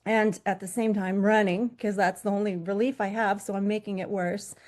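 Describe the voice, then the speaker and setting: A woman's voice: mid-range voice, flat delivery, normal speed, a little mellow. A woman in her forties, a yoga teacher from Los Angeles, telling her own story in a talk in an earnest, candid way with fillers and self-corrections.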